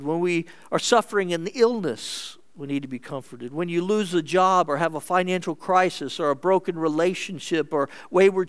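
A man preaching a sermon as pastor, earnest and measured, moving between emphatic lines and hushed ones. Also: fairly high pitch.

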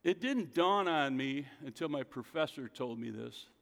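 A man preaching a sermon, leaning on his points and posing questions to the listeners. His voice sits somewhat high for a man. It rings with the long reverb of a large hall. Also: animated, moderate pace, vocal fry, fairly bright tone. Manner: emphatic preaching, rhetorical questions. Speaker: pastor.

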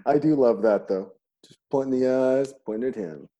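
Man, middle-aged, podcast host, casual chat, rambling, joking, profane, relaxed dark tone. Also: mid-range voice, moderate pace, lo-fi sound. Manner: rambling and joking, acts out quotes, swears freely.

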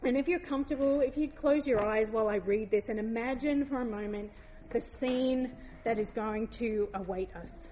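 A woman giving a heartfelt devotional talk, reading scripture aloud slowly and gently. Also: a little high.

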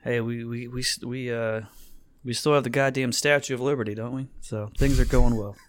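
A man's voice: mid-range voice, fairly even intonation, fairly quick. An American man co-hosting a podcast, chatting casually and joking sarcastically while reading posts aloud. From United States. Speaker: podcast co-host.

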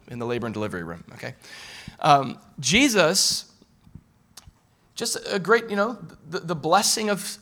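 A man preaching a sermon in a conversational way, asking the listeners questions and swinging from loud bursts to quiet lines. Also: a little high. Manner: conversational, asks the audience direct questions. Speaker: pastor.

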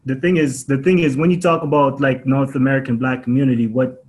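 A man's voice: medium pitch, steady tone, brisk, a little mellow, low-quality recording. A man co-hosting a podcast, explaining his view in casual discussion with many hesitant fillers. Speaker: podcast co-host.

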